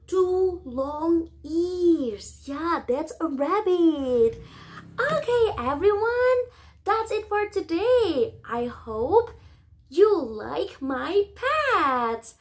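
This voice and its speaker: A woman's voice: extremely high pitch, sing-song, drawn-out words. A young woman giving a kindergarten practice lesson in an exaggerated sing-song manner, imitating animal sounds for young children. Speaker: kindergarten teacher.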